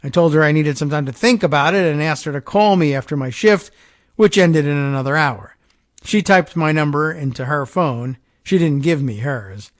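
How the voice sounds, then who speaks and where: A man's voice: a little high, moderate pace, no echo. A man hosting a talk show, reading a first-person story aloud and breaking off for dry, muttered sarcastic asides. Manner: reads a first-person account, dropping to quiet sarcastic asides. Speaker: podcast host.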